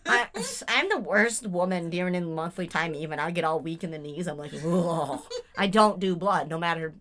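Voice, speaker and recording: A young woman co-hosting a podcast, telling a funny story in a giggly, animated way and acting out the voices. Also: fairly low pitch, a little fast. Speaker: podcast co-host. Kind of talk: casual chat.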